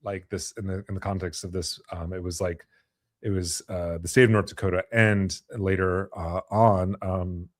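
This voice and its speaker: A man's voice: deep voice, little pitch movement, moderate pace, dry recording. A man hosting a podcast interview, talking thoughtfully with many fillers and restarts. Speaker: podcast host. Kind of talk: conversational interview.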